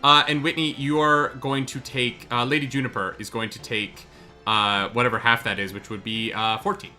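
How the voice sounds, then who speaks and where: A man running a live tabletop game as game master, halting with many fillers and joking, profane asides. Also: medium pitch, fairly even intonation, sharp tone, soft background music.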